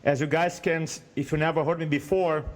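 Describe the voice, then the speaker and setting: A man in his thirties from Brazil with a Brazilian Portuguese accent, a guest telling his story in an earnest, animated way. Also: fairly high pitch, fairly quick. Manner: earnest, animated retelling with acted quotes. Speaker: guest speaker coach. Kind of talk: storytelling interview.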